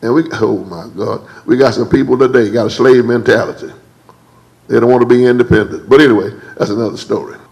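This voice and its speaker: A man preaching a church sermon. He calls on the congregation to answer back, repeats and stammers over words, and leaps higher when he acts out quotes. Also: steady tone, quick pace, darkish tone, low-quality recording. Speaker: pastor. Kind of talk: preached sermon with call-and-response. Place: church service.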